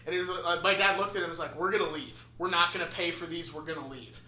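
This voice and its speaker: A young man casually telling a funny story, animated and swearing, acting out the people in it. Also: fairly high pitch, fast. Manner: animated, swearing, acts out voices. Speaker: podcast host. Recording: echoey room with faint noise.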